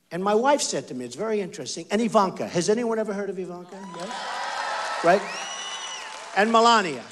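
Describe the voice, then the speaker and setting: Using a stage mic at a big rally venue, a high-pitched American candidate in his sixties gives a rambling, emphatic campaign speech. He talks directly to the crowd and keeps repeating phrases.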